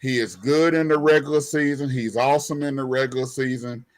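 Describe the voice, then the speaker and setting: On a sports talk panel, a man with a medium-pitched, fairly even voice argues about football fairly quickly. It's a heated debate, and he's emphatic and colloquial, often repeating himself.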